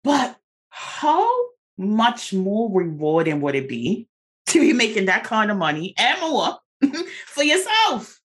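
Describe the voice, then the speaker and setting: An emphatic woman hosts a casual podcast chat, encouraging her listener and punctuating points with rhetorical questions. Her delivery is persuasive and warm in tone of word choice, building points step by step. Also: mid-range voice, sing-song, slow pace. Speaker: podcast host.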